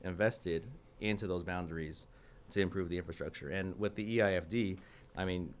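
Man, young, very deep voice, smooth tone, city council guest, radio studio, earnest, filler-heavy explaining. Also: fairly even intonation, fairly quick. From California. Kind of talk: radio interview.

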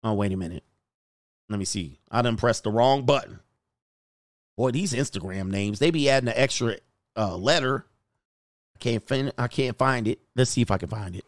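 A man doing casual reaction commentary as a YouTube commentator, slangy and prone to loud exclamations. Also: mid-range voice, normal speed, long pauses, no room sound, clean studio sound.

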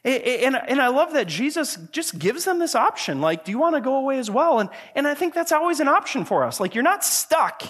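A male pastor delivering a sermon in an earnest, conversational way, swinging from quiet, low passages to loud, emphatic questions. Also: very animated, brisk, hardly any pauses. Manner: earnest, conversational preaching with frequent restarts.

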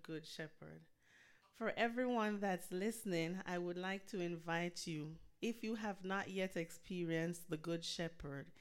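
A woman minister giving an earnest altar call after a sermon, repeating her appeals in a measured way. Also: lowish voice. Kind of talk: sermon follow-up and invitation.

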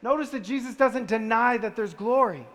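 A man's voice: extremely high pitch, normal speed, fairly bright tone. A man preaching a sermon in a conversational style, firing off rhetorical questions at his listeners. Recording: long reverb of a large hall.

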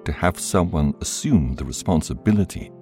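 A man narrating an audiobook in a measured, expressive reading. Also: sits low, over music.

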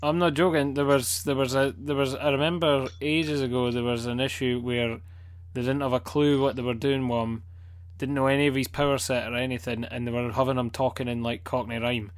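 A man with a mid-pitched voice jokes and swears freely in casual chat. The sound is dry and close, with no room in it. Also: level tone, fairly quick, dry recording. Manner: jokey, swearing, laughing often.

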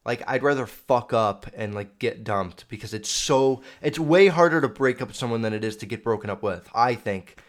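A man's voice: mid-range voice, moderate pace, few pauses. A young man hosting a podcast, telling stories in a rambling, profane, self-correcting way. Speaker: podcast host. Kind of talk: casual storytelling monologue. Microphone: video podcast mic.

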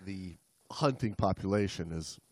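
A man's voice: low voice, unhurried, no echo, studio quality. A man co-hosting a podcast, reading a story aloud between laughs and joking with his co-host in put-on slang. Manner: jokey, laughs often, puts on Aussie slang.

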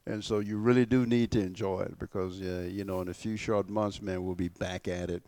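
A male pastor preaching a sermon to his church, emphatic and slowing down to stress key words, often repeating and restarting. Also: sits low, fairly even intonation, dark tone.

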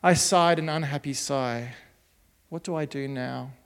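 A man telling a story for children in a gentle, expressive, unhurried way. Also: mid-range voice, creaky, clean tone, in a large hall.

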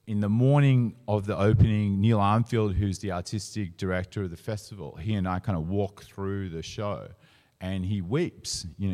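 A man's voice: low voice, dark tone. A man, a curator, telling stories in a rambling way with many fillers during a public gallery talk. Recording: reverberant hall.

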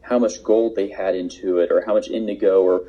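Husky, lowish man on a dull recording. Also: fairly even intonation, brisk. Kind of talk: casual storytelling chat. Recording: dull lo-fi sound.

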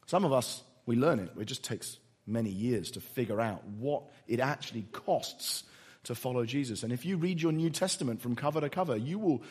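A man's voice: medium pitch, animated, normal speed, breathy edge. A man preaching a sermon, telling stories earnestly and quoting others as he goes. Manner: earnest, storytelling, quotes others in softer voice.

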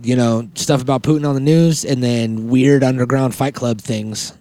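A man's voice: medium pitch, steady tone, moderate pace, mellow, no echo. A man co-hosting a casual podcast chat, joking and swearing, acting out little made-up quotes. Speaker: podcast co-host.

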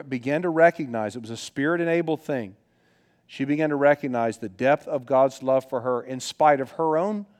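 A middle-aged male pastor delivers a sermon in an earnest, conversational manner. His voice sits at an everyday pitch, and he drifts into personal stories, often restarting his sentences as he goes. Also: darkish tone.

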